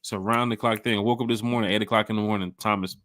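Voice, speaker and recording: A man co-hosting a casual sports fan podcast, hyped and slangy, shouting out viewers in the chat. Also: on the low side, racing, no room sound, clean studio sound. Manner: animated, hype, slangy, reads chat shout-outs. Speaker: podcast co-host.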